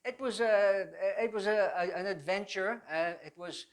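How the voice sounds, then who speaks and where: An older man telling his life testimony to a church audience, rambling and halting with many restarts, adding self-deprecating humor. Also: sits high. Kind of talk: personal testimony storytelling.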